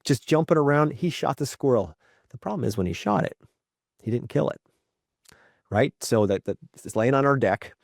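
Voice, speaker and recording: A father appearing as a podcast guest shares candid stories in conversation, reflective and often checking in with "right?" He acts out quoted lines with lively energy. His mid-range voice is captured in studio quality with no echo.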